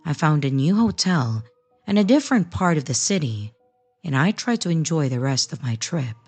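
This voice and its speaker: A woman with a notably low voice reads true creepy stories in steady, measured narration. Her pitch rises and falls expressively from line to line, and soft music plays faintly underneath. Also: breathy edge. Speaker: storytelling channel narrator.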